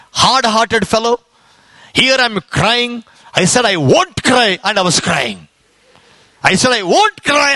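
A man preaching his testimony with fervent, repetitive storytelling and rising exclamations. His voice sits very high and rings bright and forceful. The sound is dry, with hardly any room around it. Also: no room sound. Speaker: evangelist giving his testimony. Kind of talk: sermon testimony.

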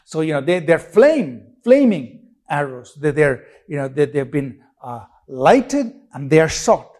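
A man's voice: fairly high pitch, sing-song, a little slow, darkish tone. A man preaching a sermon, emphatic and repetitive, with rhetorical questions and frequent restarts.

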